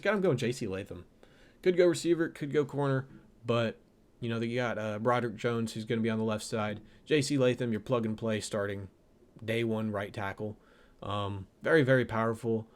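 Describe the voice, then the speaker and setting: A man's voice: lowish voice, moderate pace. Young male host, casual draft breakdown, rambling and self-correcting, laughs at his own jokes. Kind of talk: casual mock draft commentary.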